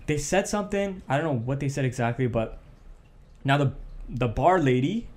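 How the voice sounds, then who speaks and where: A young man from Canada, co-hosting a podcast, tells a story in casual chat and acts out the quotes. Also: moderate pace. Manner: animated, acts out quotes with raised pitch. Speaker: podcast co-host.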